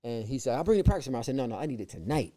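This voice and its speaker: A man telling his personal faith testimony as a guest, with lively repeated phrases and acted-out quotes. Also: medium pitch, very fast. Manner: lively, repeats words, acts out quoted voices. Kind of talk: animated personal storytelling.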